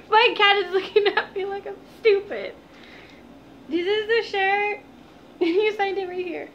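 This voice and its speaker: Giggly high-voiced young woman vlogger. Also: a little slow, muffled recording, a little hiss or hum. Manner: gushing, giggly, talks to viewers as "guys". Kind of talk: casual unboxing vlog.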